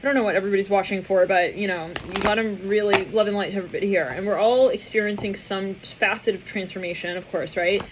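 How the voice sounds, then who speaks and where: A woman's voice: medium pitch, steady tone, fast, hardly any pauses, noisy background. A woman doing a casual, rambling tarot reading with lots of filler words, often acting out the people she imagines. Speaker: tarot reader.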